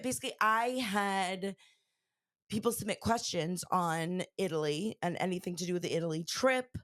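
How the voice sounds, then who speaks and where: Chatty podcast lady, voice still coming back, kinda low, dry close mic. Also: normal speed, dry recording. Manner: chatty, rambling, lots of fillers. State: recovering from lost voice. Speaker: podcast host. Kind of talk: casual chat.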